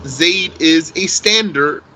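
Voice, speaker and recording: A man teaching an Arabic grammar class in English, explaining terms slowly, repeating key phrases and quizzing his students. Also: fairly high pitch, sharp tone, poor audio.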